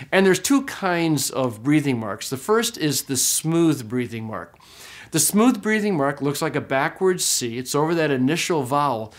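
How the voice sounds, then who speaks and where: A man teaching a recorded class, explaining step by step, often checking in with "okay?", and slowing way down to model pronunciations. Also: on the high side. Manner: slow, drawn-out demonstration of pronunciations. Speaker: Greek teacher.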